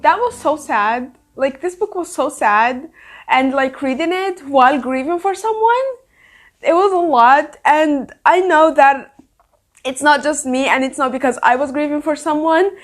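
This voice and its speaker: High-voiced emphatic woman book vlogger. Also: a little slow. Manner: emphatic, animated, swears freely. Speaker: book reviewer, channel host. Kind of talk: casual book review vlog.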